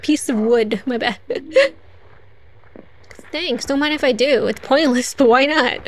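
High-voiced giggly woman streaming a game. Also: takes it slowly, slight background noise. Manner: chatty, giggly, talks to the game. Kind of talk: casual gameplay commentary.

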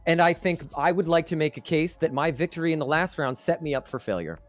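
A man's voice: fairly high pitch, fast talker, faint music behind. A man competing in a game race, melodramatically complaining about his own play and swearing in casual chat.

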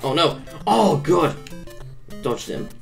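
A woman giving excitable, self-mocking commentary while playing a video game, often exclaiming at what happens on screen. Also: low-pitched, takes it slowly, vocal fry, soft background music. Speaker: gaming YouTuber. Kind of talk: let's-play commentary.

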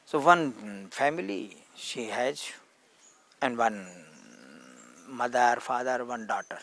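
A man's voice: mid-range voice, slow, fairly bright tone. A man giving an earnest spiritual talk in simple, broken English, acting out stories as he teaches. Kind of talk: satsang talk with storytelling.

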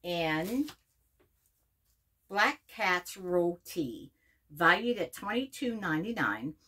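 A woman's voice: fairly low pitch, big pitch swings, slow, bright, forceful tone. A middle-aged woman from Pennsylvania reviewing a subscription box in a casual unboxing video, gushing and repeating her words as she reads labels aloud.

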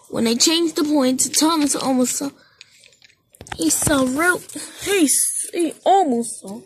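Woman, amateur storyteller; high, gravelly, slow, stumbling through the script. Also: fairly bright tone, a little hiss or hum. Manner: halting, stumbling, with frequent slips and restarts. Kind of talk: amateur narration of a toy-train story.

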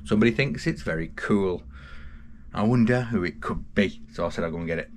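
A man's voice: on the low side, fairly quick, background noise. Chatty self-mocking British man vlogging. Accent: British English. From Britain. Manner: chatty, self-mocking, breaks into sing-song bits. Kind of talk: casual vlog chat.

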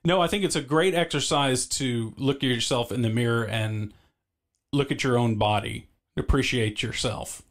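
A male stream host with a gravelly, fry-laden voice, easygoing and unhurried. He keeps the chat moving by prompting questions at an ordinary middle pitch.

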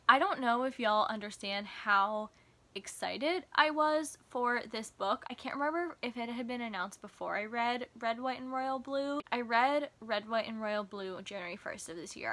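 A woman chatting excitedly as a book reviewer in a casual vlog, gushing over a book she loves. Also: mid-range voice.

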